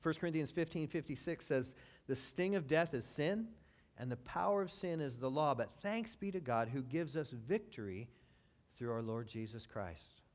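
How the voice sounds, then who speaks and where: A man preaching a sermon, swinging between loud emphatic build-ups and low, quiet passages, with wry asides to the congregation. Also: lively intonation, moderate pace. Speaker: pastor.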